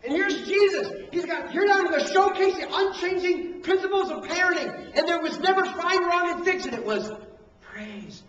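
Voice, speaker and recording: A man preaching a sermon on parenting, switching between acted-out scolding and hushed emphasis, recorded from a distant camcorder. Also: very high voice, moderate pace, slight background noise. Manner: animated preaching, acts out parents and coaches, drops to hushed emphasis. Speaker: pastor. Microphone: handheld camcorder from the room. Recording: echoey hall, distant camcorder mic, dull sound.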